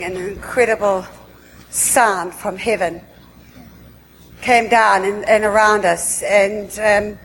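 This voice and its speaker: Woman with a high voice telling her testimony at church, earnest, repeats herself, long echo in a big hall, faint room noise behind. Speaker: speaker sharing a testimony at a worship meeting. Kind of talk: spoken religious testimony. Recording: echoey hall with long reverb, faint ambience.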